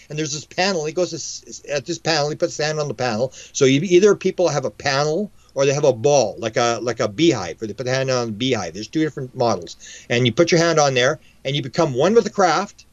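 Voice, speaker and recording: A man, a UFO researcher and guest, telling stories in a rapid, animated way, often restarting and acting out dialogue. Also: mid-range voice, no echo. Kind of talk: animated storytelling. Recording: dull lo-fi, dry sound.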